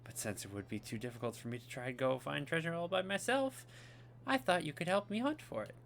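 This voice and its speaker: A man's voice: a little high, fairly quick, gravelly, a bit bright, a little hiss or hum, pitched above the performer's own voice. A man voicing a princess reading out her letter in a sweet, coaxing way. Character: gracious young princess writing a letter.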